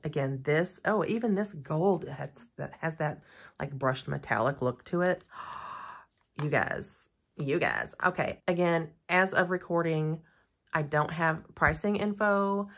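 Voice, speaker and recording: Low-voiced woman gushing through an unboxing. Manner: chatty and gushing, rambling asides. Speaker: nail content creator reviewing a product. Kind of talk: casual unboxing review.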